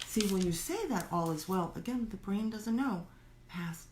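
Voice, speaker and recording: A woman teaching a workshop in a chatty, animated way, acting out the worried inner voices of her listeners. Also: medium pitch, normal speed, a little hiss or hum. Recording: roomy echo.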